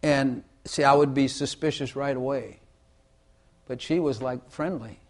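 A man's voice: mid-range voice, unhurried. A man teaching the Bible in casual conversation, emphatic, repeating phrases for effect and playing with inflection to make his points.

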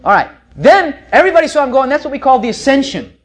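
A preacher teaching a sermon, telling the story in a folksy, joking way, with loud bursts, quiet asides and stammering restarts. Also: high-pitched, very animated, quick pace.

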